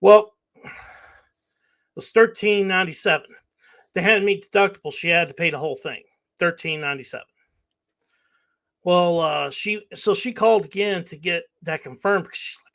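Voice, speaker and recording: Man, casual podcast chat, somewhat high voice, frequent laughs, hesitant fillers. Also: normal speed, vocal fry, long pauses, fairly bright tone.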